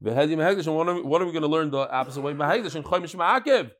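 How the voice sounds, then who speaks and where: A man teaching a daily Talmud class, lively and joking, telling stories and mixing Hebrew and Yiddish terms into English. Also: fairly high pitch, racing.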